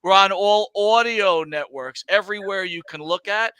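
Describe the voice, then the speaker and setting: A man's voice: high voice, normal speed, pushed and bright, clean tone, dry recording. A man, co-hosting a wrestling podcast and chatting as a guest in an enthusiastic, rambling, profane way. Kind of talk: casual podcast chat.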